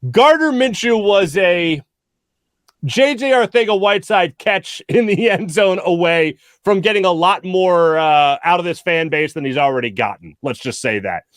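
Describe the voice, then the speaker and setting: A man with a high voice hosts a postgame sports talk show. He talks in long, animated runs and keeps restarting his sentences. The sound is dry and close, with no room in it. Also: normal speed, no room sound. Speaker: host.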